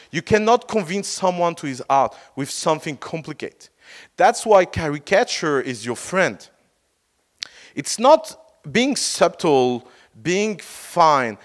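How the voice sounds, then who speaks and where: A man with a French accent speaks English as a second language, coaching founders in a forceful talk. His voice sits a little high, and he drives each point home with rhetorical questions. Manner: emphatic, rhetorical questions, non-native grammar. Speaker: startup mentor. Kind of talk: motivational talk.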